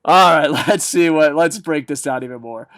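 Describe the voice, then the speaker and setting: A man's voice: a little high, fairly bright tone, dry recording, clean studio sound. A man hosting a combat sports news show, delivering a jokey, profane rant of casual commentary. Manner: mocks others with quick put-on voices.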